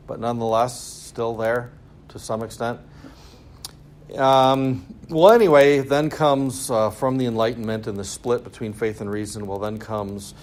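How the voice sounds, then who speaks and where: Man giving a sarcastic, offhand lecture. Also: mid-range voice. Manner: casual, sarcastic, animated asides. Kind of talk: university lecture. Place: school lecture room.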